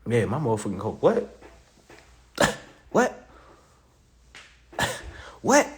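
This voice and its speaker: Profane, animated man teaching credit. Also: mid-range voice, slow pace, pauses often. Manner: profane, joking, animated, addresses the audience as y'all. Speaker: credit and consumer law teacher. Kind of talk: casual live class.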